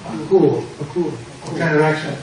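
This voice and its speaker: The voice is fairly high but dark in tone and slow, belonging to an older American pastor leading a Greek class. He drills and quizzes students in a church classroom, repeating vocabulary and making playful puns. It's captured from a distance in a very echoey, noisy room.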